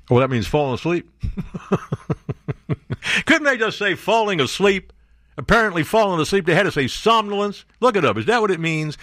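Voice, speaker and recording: Sarcastic talk radio host, lively pitch. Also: male voice, breathy edge, no room sound, clean studio sound. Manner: sarcastic, mocking, jumps to put-on voices. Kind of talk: opinionated talk radio monologue.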